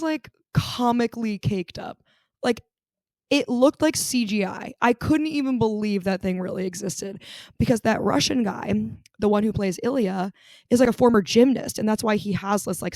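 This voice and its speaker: A young woman hosts her solo podcast in a casual, gossipy chat, her voice sitting a touch high. She leaps upward when something excites her. The sound is close and dry, with no room around it. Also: no echo. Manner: chatty, gossipy, animated with pitch jumps on excited asides. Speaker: podcast host.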